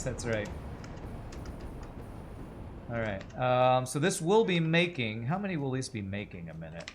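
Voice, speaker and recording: A man with an ordinary mid-range voice talks casually through his game, often dropping into quiet mutters as he counts and works out sums. He breaks off to chat easily with viewers, with faint room noise behind him. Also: mid-range voice, sing-song, a little slow, long pauses. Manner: thinks aloud, mutters sums, chats with viewers. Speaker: game streamer. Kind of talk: casual livestream gameplay commentary.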